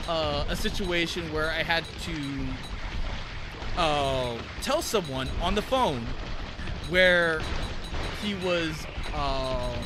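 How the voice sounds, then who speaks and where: A man casually telling a story while streaming a game, rambling with many fillers and laughs. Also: a little high. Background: game music.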